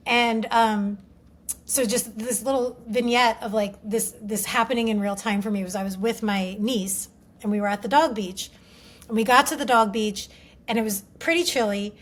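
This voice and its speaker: A woman appears as a guest coach on a podcast, explaining ideas through personal anecdotes. Her voice sits somewhat high, and she talks earnestly and reflectively, peppering her sentences with "like". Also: steady tone, moderate pace. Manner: earnest, reflective, storytelling with many "like" fillers. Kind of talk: casual interview chat.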